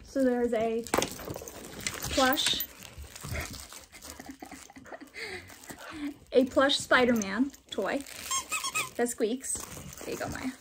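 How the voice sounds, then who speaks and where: A woman unboxing dog toys and treats at home in a casual vlog, gently coaxing her dogs between descriptions of each item. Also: sits high, drawn-out words, pauses often. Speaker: dog owner reviewing a subscription box. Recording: noisy home recording.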